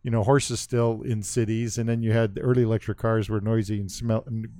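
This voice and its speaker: A man's voice: lowish voice, little pitch movement, fairly quick, warm tone, no echo. A man speaking as a podcast guest in casual chat, thoughtful and enthusiastic, on a close mic. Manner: thoughtful, enthusiastic about the past.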